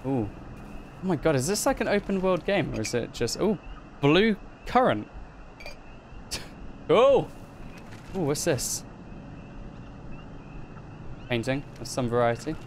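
A man commenting chattily as he plays a video game, excitably narrating each of his own moves. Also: on the high side, slow pace, long pauses, a little hiss or hum. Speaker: gaming video host. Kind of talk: let's play commentary.

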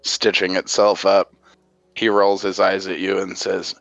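A man narrating a tabletop game as game master, describing scenes in a measured way. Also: low voice, monotone, a bit bright, dry recording, lo-fi sound.

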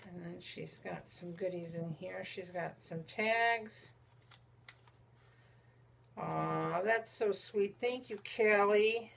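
With a fairly low voice, vocal fry, and a slow pace, a woman unboxes mail from friends over slight background noise. She chats casually, cooing over every small gift and speaking to both viewers and the objects.

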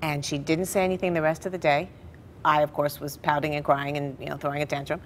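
A middle-aged woman telling family stories in a television interview, animated and laughing now and then. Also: deep voice, quick pace, a little hiss or hum. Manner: animated storyteller, laughs through her stories. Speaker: interview guest. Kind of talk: personal storytelling in a TV interview.

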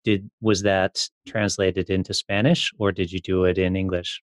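A man hosting a podcast, asking his guest questions in a relaxed, conversational way. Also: low voice, normal speed, no room sound, studio quality. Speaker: podcast host. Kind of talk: casual interview chat.

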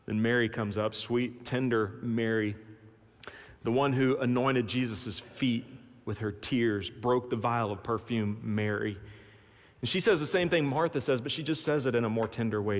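At medium pitch and normal speed, a man preaches as a pastor, telling the story dramatically and voicing its characters. He's in a large church sanctuary, and the recording carries the long reverb of a big hall.

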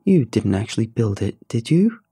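A man voicing a young mother, raising his pitch into a teasing, doubtful tone. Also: very animated, normal speed, dark tone, slightly rough, no echo, studio quality, soft background music, exaggerated voice. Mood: amused. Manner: teasing disbelief.

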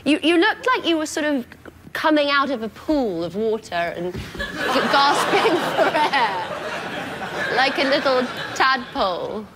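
A woman's voice: sits high, sing-song, takes it slowly, over a noisy crowd, very noisy. An English woman appearing as an actress guest on a late-night show, chatting and teasing back with a giggle. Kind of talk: talk show interview banter. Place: TV studio.

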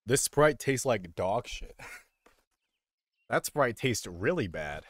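A man's voice: mid-range voice, big pitch swings, slow, fairly bright tone, no echo. A young man casually commenting on his own video game stream, rambling and poking fun at himself as he thinks aloud into a desk microphone. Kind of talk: casual live gameplay commentary.

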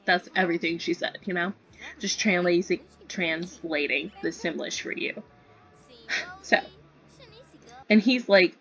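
A woman's voice: fairly low pitch, a little slow, pauses often, fairly bright tone. A young woman giving chatty, giggly commentary on her own gameplay. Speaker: gaming video creator. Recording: slightly dull lo-fi sound.

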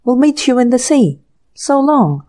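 Woman narrator doing a snooty giggly young lady, arch, higher voice. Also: sing-song, unhurried, warm tone. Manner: arch and prim.

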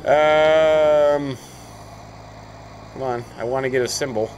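A man's voice: fairly high pitch, fairly even intonation, takes it slowly, darkish tone, muffled recording, slight background noise. A man hosting a farming game let's play, chatting casually as he plays, thinking aloud and often breaking into mild exclamations. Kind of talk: casual gameplay commentary.

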